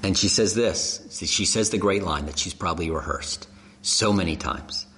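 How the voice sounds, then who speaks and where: A man preaching a sermon, telling the story with animated emphasis and rhetorical questions. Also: sits low, moderate pace, a little hiss or hum. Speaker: pastor. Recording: echoey hall.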